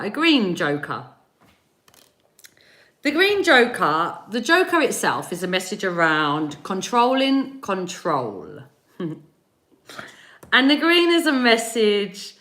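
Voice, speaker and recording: A woman hosting a live tarot reading, taking her time over every phrase. Her voice is bright and forward, and she speaks gently, repeating the viewer's name softly as she tunes in. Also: lowish voice. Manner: slow, soothing, repeats names while tuning in. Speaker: tarot reader.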